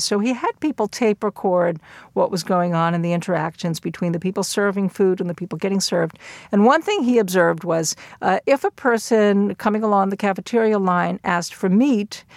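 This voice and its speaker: An older woman explaining linguistics in a measured lecture, with occasional fillers. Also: medium pitch, gravelly, dry recording, studio quality.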